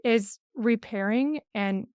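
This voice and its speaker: A woman in her forties hosting a podcast, speaking in a thoughtful, measured, reflective way. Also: on the high side, darkish tone, smooth, no echo, clean studio sound. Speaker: podcast host. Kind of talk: reflective conversation.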